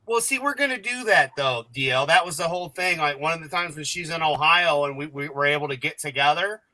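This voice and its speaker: A man's voice: fairly high pitch, a little fast, sharp tone, dry recording. A man hosting a casual chat, laid-back and teasing.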